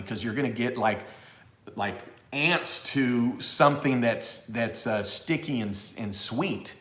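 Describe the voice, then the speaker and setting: A man's voice: medium pitch, very animated, moderate pace, a bit bright, reverberant. A man hosting a live tax Q&A who gets fired up and exasperated, mocking the callers he imagines. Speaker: tax educator on a live show.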